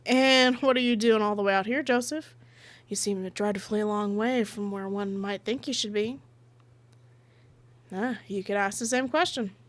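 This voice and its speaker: A woman's voice: medium pitch, normal speed, lightly acted. A woman voicing a tough tomboy female outlaw who banters wryly in a light Southern drawl. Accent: put-on Southern US drawl. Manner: wry, teasing cowboy banter.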